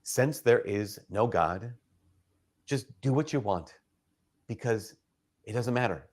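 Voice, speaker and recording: A man's voice: mid-range voice, lively intonation, slow pace, darkish tone. A man explaining his view earnestly in a casual chat. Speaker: apologist.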